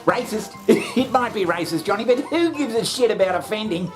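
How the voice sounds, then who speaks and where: A woman's voice: mid-range voice, expressive, fairly quick, over music. A woman hosting a satirical comedy show, sarcastic and full of swearing, often laughing.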